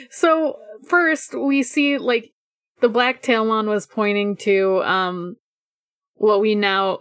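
A woman co-hosting a casual podcast chat, giggly and animated, with lots of fillers. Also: mid-range voice, dry recording, studio quality. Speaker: podcast co-host. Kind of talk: casual chat recapping an episode.

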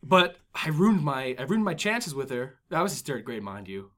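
A man's voice: medium pitch, normal speed. A man in his twenties hosting a podcast in casual chat, rambling through stories with lots of filler words and jumping into comic voices. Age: 20s. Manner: animated, slips into comic voices. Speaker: podcast host.

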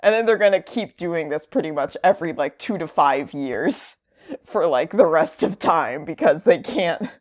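A woman's voice: low-pitched, animated, moderate pace, no room sound, muffled recording. A woman chatting casually, rambling with lots of fillers and wry asides. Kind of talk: casual chat.

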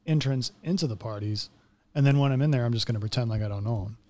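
A man's voice: medium pitch, fast talker, a little mellow. A man co-hosting a podcast, talking in a casual, joking way with stubborn rants. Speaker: podcast co-host. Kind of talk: casual chat.

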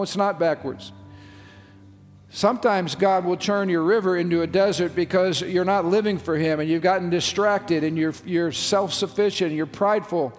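A man preaching a sermon as pastor, reading scripture and stretching key phrases for emphasis. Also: high-pitched. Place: church sanctuary. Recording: long reverb of a church hall.

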